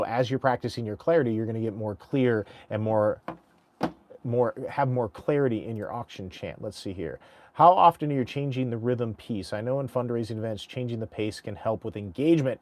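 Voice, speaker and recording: A man, an auctioneer, teaching casually and breaking into quick rhythmic auction chant demos with an energetic, conversational delivery. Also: lowish voice, no room sound. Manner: energetic, conversational, frequent restarts. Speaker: auctioneer and instructor.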